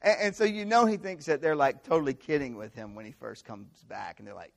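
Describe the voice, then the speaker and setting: A young man preaching a conversational sermon to students, with animated storytelling and frequent rhetorical check-ins. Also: mid-range voice, fairly quick, creaky. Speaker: campus pastor.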